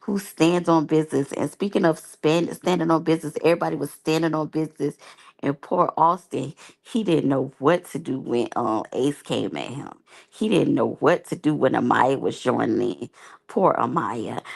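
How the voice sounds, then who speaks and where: A woman's voice: low voice, moderate pace, creaky, darkish tone. A woman giving candid, rambling, slangy commentary as a reality TV reviewer. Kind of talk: casual unscripted commentary.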